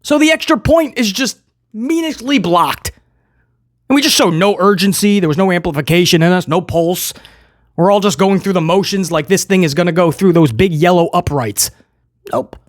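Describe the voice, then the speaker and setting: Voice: mid-range voice, normal speed, dry recording, clean studio sound. A football fan giving a casual, sarcastic game review monologue as the show's host. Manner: sarcastic, joking and exasperated.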